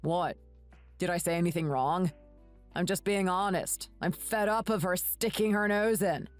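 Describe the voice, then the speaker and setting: A woman's voice: lowish voice, unhurried, faint music behind, close to an everyday voice. A woman voicing a rude, ungrateful adult son who talks in a snappish, contemptuous way.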